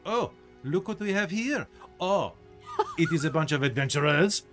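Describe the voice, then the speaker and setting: A man's voice: a little high, expressive, normal speed, fairly bright tone, soft background music, pitched above the performer's own voice. A man voicing mocking flaming skulls with a put-on French accent, taunting and sing-song.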